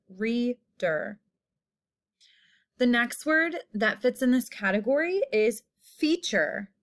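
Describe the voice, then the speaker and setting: A woman teacher giving a phonics lesson, saying each word slowly and repeating it while stretching the vowel sounds. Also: on the high side, a bit bright.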